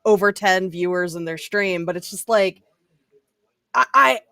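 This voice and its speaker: A woman's voice: medium pitch, measured pace, vocal fry, a bit bright, no room sound, clean studio sound. A woman co-hosting a stream in casual chat, blunt, sweary and amused. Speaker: stream co-host.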